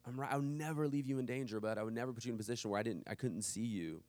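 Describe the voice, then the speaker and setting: A man's voice: on the low side, a little mellow, no room sound. A man in his thirties preaching a sermon, telling a family story casually and with humor. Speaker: pastor.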